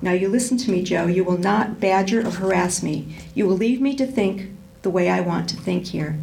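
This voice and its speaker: A woman reading aloud as a traumatized mother who speaks with fear, then in an even, commanding tone. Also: on the low side, normal speed, gravelly, a little hiss or hum. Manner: fearful then firmly commanding. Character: frail bedridden mother, traumatized and fearful.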